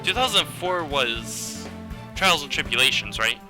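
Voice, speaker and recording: Against a backdrop of game music, a man streams a game live and chats casually as he reacts to the chat and the music. His medium-pitched voice is animated but unhurried, suited to relaxed gameplay commentary.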